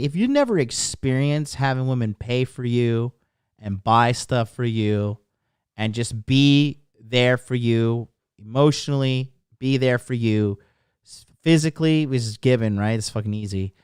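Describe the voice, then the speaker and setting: Brash, profane man with a smooth voice. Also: medium pitch, measured pace, a little mellow, no room sound, studio quality. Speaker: podcast host. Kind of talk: casual podcast monologue.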